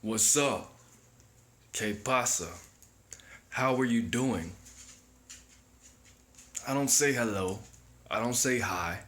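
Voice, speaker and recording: A man's voice: medium pitch, fairly bright tone. A man hosting his own channel, giving a reflective, preachy motivational monologue to camera. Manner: slow, reflective, preachy self-help delivery. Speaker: channel host.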